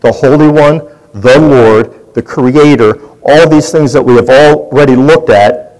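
A man's voice: mid-range voice, a little slow, darkish tone, rough recording. A man leading a Bible study, teaching in a conversational way and putting questions to his group.

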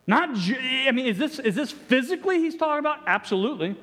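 A man's voice: extremely high pitch, very animated, a little fast, hardly any pauses, a bit bright. A man preaching a sermon as pastor, stumbling through many restarts and acting out voices. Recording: echoey hall reverb.

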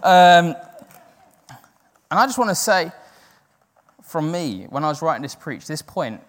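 A man's voice: a little high, very animated, a little slow, a bit bright. A man preaching a sermon in an earnest, self-deprecating way, acting out the doubting voices in his head. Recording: long hall reverb.

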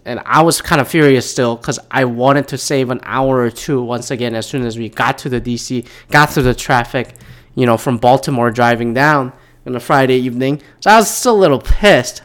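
A man's voice: mid-range voice, a bit bright. A man talking alone in a casual monologue, rambling off on tangents and swearing freely as he rants. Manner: rambling, profane, goes off on tangents.

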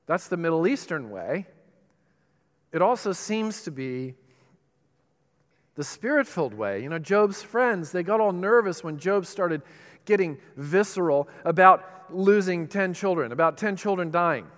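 A man preaching a sermon as a pastor, swinging between loud, emphatic bursts and soft, slow lines. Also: high voice, animated. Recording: long hall reverb.

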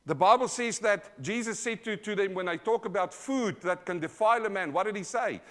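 A man with an Australian accent preaching a sermon live in church, emphatic, calling out to the congregation, swinging from loud to quiet. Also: sits high, fairly quick. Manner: emphatic, call-and-response preaching. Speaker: pastor.

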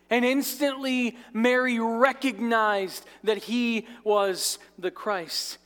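A man's voice: high voice, measured pace, hardly any pauses, a bit bright. A male pastor preaching a sermon in a church sanctuary, conversational with light asides and jokes. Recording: reverberant large church hall.

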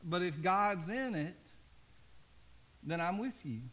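A man preaching a sermon as pastor, conversational and earnest, often dropping soft and low for emphasis. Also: lively intonation, takes it slowly.

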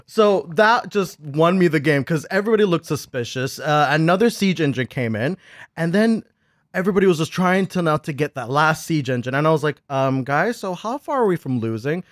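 A man recounting a board game session in lively, animated storytelling, laughing as he goes and acting out what everyone said. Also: sits high, quick pace, no room sound, studio quality. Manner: lively, laughs while telling, acts out his own quotes. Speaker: podcast guest host.

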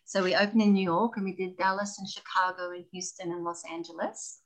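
A middle-aged woman, a former dancer, telling stories as an interview guest, animated and laughing often. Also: on the low side, brisk, rough recording. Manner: animated, laughs often, acts out voices in anecdotes. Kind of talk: casual storytelling.

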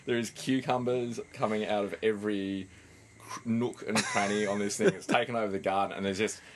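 A man's voice: on the low side, fairly even intonation, fairly quick, background noise. An Australian man on a podcast, chatting in a rambling way full of fillers. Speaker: podcast co-host. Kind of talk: casual chat.

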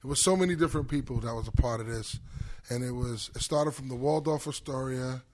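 A man's voice: mid-range voice, a little fast. A middle-aged man from Brooklyn with a New York accent, telling a long profane story in casual chat and acting out his friends' lines. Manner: animated, profane, acts out quoted friends. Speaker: podcast guest.

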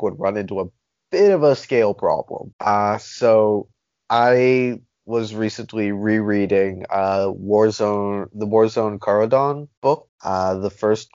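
A man's voice: lowish voice, a little mellow, no echo, muffled recording. Playful man, dry close sound. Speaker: podcast guest. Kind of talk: casual chat.

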